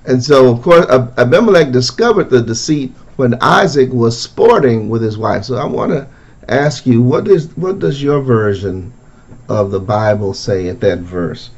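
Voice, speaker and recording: A man, a pastor leading an interactive Bible study in a conversational, musing way with drawn-out phrasing. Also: mid-range voice, expressive, a little mellow.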